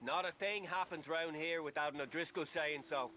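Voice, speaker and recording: A man's voice: on the high side, normal speed, natural voice. An actor playing a menacing male gang thug in a video game, speaking in a cold, intimidating way. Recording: game audio under stream noise.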